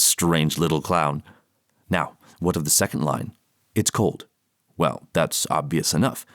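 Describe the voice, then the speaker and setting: Low-voiced man reading his own audiobook. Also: no echo, studio quality. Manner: mock-earnest, theatrical literary analysis. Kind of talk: audiobook narration of poems and essays.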